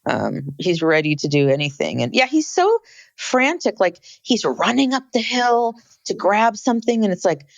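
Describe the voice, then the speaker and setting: A woman's voice: medium pitch, moderate pace, creaky, dry recording, lo-fi sound. A woman co-hosting a podcast, chatting casually and animatedly as she recaps a reality show. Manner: animated, exclaims about frantic scenes. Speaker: podcast co-host.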